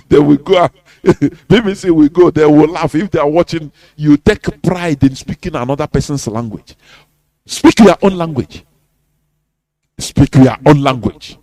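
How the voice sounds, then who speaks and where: A man's voice: on the high side, a little mellow, dry recording. A man with a Nigerian accent giving an impassioned live radio talk. He is emphatic, often checks "you understand?" and chuckles between points. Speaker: radio presenter.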